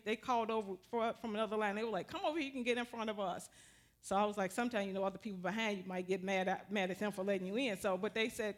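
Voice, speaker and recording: A woman with a slightly high voice tells a church testimony. Her delivery is animated, and she breaks into joyful, raised exclamations as the story builds. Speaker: testimony speaker.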